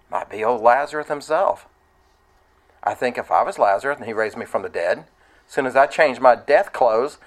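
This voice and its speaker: A man preaching a sermon in a conversational way, explaining scripture verse by verse and now and then rising to loud, excited retelling. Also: a little high, poor audio.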